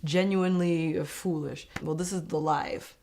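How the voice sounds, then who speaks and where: A young woman recapping a reality dating show in a casual, animated and opinionated way, laughing often. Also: sits low, unhurried, creaky, a little hiss or hum. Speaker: host.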